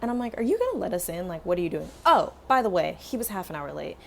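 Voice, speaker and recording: Young woman spilling a storytime, gravelly edge, talks to the camera like a friend. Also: on the low side, fast, a little hiss or hum. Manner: animated storytelling, acts out both sides of dialogue. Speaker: beauty vlogger. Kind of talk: casual storytime while doing hair.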